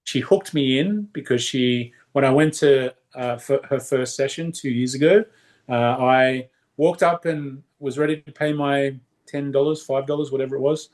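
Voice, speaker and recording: A man's voice: mid-range voice, moderate pace, darkish tone. Teasing Australian man co-hosting. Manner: playful, teasing banter. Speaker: podcast co-host. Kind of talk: casual chat. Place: Las Vegas.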